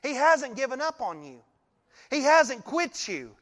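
A male pastor giving a sermon, telling the story in an animated way and often laughing. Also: very high-pitched, a little slow, big-room sound.

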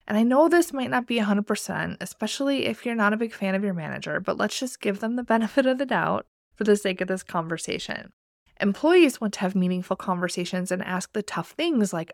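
Woman career-podcast host, motivational and direct, mid pitch, dry close mic. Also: no echo. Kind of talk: scripted podcast intro and solo talk.

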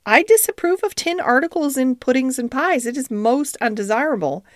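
A woman's voice: high-pitched, lively intonation, normal speed, dry recording, studio quality, voice pushed up. A woman voicing a prim, proper female cat hostess in a storybook reading, precise and correct in her speech. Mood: stern.

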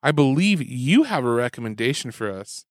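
A man's voice: mid-range voice, big pitch swings, moderate pace, no room sound, studio quality. A man hosting a casual podcast, upbeat and keeping the conversation moving along.

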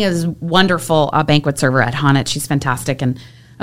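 A woman who is a hotel general manager, telling workplace stories in an animated way as an interview guest. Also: low voice, quick pace, vocal fry. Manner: animated, acts out coworkers' voices in anecdotes. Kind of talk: storytelling in a podcast interview.

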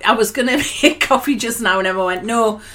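A woman co-hosting a podcast with a bright, forceful and fairly high voice. She chats casually, quick and animated, and laughs as she argues back. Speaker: podcast co-host. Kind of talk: casual chat.

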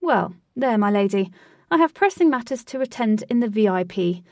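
A woman doing a shy, excitable man. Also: medium pitch, moderate pace, no echo, clean studio sound, distant mic, lightly acted. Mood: eager. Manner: bashful, then over-eager.

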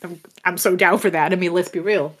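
A woman's voice: lowish voice, steady tone, a little fast, breathy edge. A woman co-hosting a podcast in casual chat, rambling and interrupting herself with giggles. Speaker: podcast co-host. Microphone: remote call setup.

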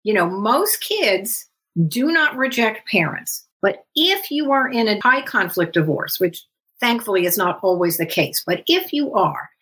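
A woman talks as the guest of a podcast interview, setting out her advice step by step. Her pitch sits in a middle range, and her delivery is measured and instructive. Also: very animated, a bit bright. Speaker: guest psychologist.

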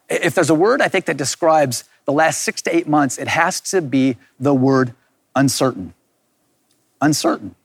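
A man's voice: on the high side, gravelly, no room sound. A middle-aged man giving an earnest, reflective sermon as a pastor, repeating key words for emphasis. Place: recorded for online viewers.

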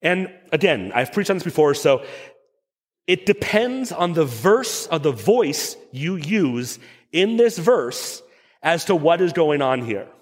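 A male pastor preaching a sermon in a lively, conversational way, with asides to the congregation. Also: fairly high pitch, slow, long reverb tail.

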